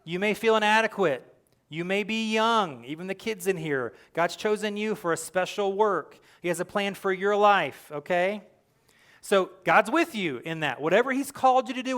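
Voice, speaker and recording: A young adult male pastor giving a sermon, telling the story with lively, acted-out quotes and earnest direct address. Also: high-pitched, moderate pace. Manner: animated storytelling, acting out quoted lines.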